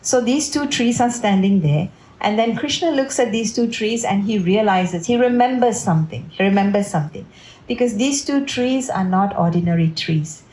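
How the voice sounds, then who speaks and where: Woman devotional speaker, warm storytelling, checks in with listeners, roomy echo. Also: mid-range voice, moderate pace. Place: family home.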